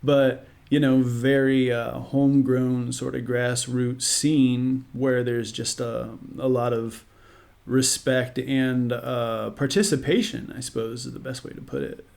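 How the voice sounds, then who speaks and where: A man's voice: mid-range voice, level tone, a little slow, creaky, a little mellow. A man with a Southern US accent, chatting easily as a podcast guest, joking and rambling a little. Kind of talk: casual podcast chat.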